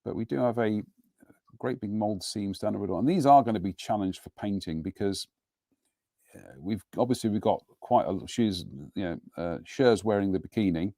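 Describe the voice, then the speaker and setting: A man's voice: fairly low pitch, moderate pace, mellow, no echo. Middle-aged guy rambling along while building a kit at home, self-deprecating, dry close sound. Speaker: host of a live model-building broadcast. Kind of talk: casual live demonstration and chat. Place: home workbench.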